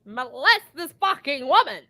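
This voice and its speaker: A British woman in casual chat, loud and theatrical, swearing and laughing often. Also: high voice, very animated, moderate pace. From Britain. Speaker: show co-host.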